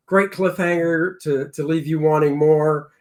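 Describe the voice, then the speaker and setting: A man co-hosting a casual TV episode review, excitable and quick to break into loud exclamations. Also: on the high side. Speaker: show co-host.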